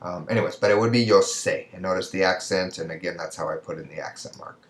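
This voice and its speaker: A patient male Spanish instructor with a low voice talks through exercises on a screen recording, checking in often with "right?" and "okay?". His voice carries a noticeable echo from the room. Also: fast. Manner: patient, repeats answers with frequent "right?" and "okay?".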